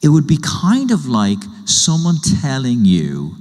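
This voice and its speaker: A man's voice: mid-range voice, huge pitch swings, a little slow, darkish tone, long reverb tail. A man preaching a sermon in a conversational way, building his point through everyday illustrations and questions. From Ireland. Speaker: pastor.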